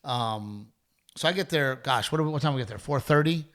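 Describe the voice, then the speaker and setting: Male podcast host, middle-aged, casual storytelling, profane, lots of restarts, mid-pitched voice. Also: moderate pace. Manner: profane, rambling, animated storyteller with many restarts.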